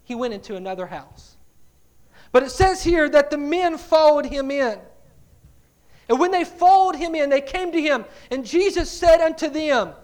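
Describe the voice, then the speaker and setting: High-voiced animated male preacher. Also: moderate pace. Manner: animated storytelling, swings from quiet asides to loud dramatic cries; repeats words while building up a point. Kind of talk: sermon.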